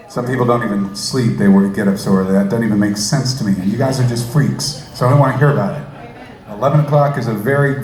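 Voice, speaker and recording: Animated man telling a story on stage. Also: medium pitch. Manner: animated, self-deprecating, jokey asides. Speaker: storyteller, musician. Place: stage before a live audience. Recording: echoey room with audience noise.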